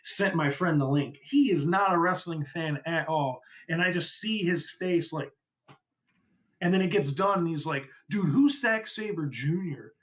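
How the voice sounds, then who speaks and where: A man's voice: on the high side, normal speed, fairly bright tone, dull audio. A man co-hosting a casual podcast, telling rambling stories and swearing casually. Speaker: podcast co-host.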